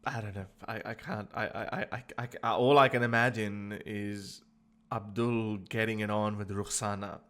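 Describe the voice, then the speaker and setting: A man's voice: fairly low pitch, fairly even intonation, moderate pace, a bit bright. A man giving comedic vlog commentary, mocking and laughing often, stammering when he gets flustered. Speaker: YouTube commentator.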